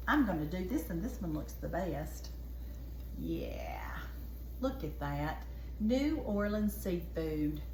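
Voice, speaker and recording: A woman's voice: lowish voice, slight background noise. A woman with a Southern US accent hosting a casual home cooking demonstration, chatty and folksy. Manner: chatty, folksy, keeps saying "y'all". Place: home kitchen at the stove. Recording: echoey kitchen with loud frying sizzle. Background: frying and sizzling pan.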